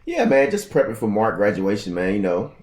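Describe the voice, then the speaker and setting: Laid-back low-voiced man in a roomy echo. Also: sing-song, brisk, darkish tone. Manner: laid-back, short affirmations, says man a lot. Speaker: podcast co-host. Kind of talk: casual podcast chat.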